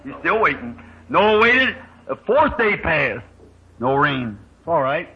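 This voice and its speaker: A man preaching a sermon in a folksy storytelling manner, acting out the voices in his story with sudden shouted bursts, on a muffled old recording. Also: on the high side, sing-song, measured pace.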